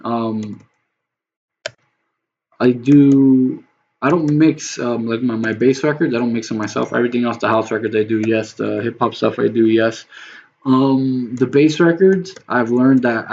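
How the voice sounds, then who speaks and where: A man talks his viewers through a beat-making session in a loose, rambling way, dropping the odd curse as he works. His voice sits at an everyday middle pitch. The stream audio is a bit muffled, with faint background hiss. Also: fairly even intonation, a little slow, darkish tone. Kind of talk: casual livestream talk while producing. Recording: slightly dull lo-fi stream audio with faint noise.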